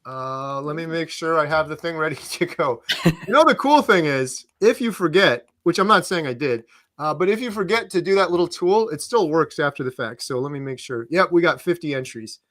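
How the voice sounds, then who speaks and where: A man hosting a casual live Q&A stream, upbeat and quick to laugh. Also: fairly high pitch, lively intonation, a bit bright, dry recording. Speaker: livestream host.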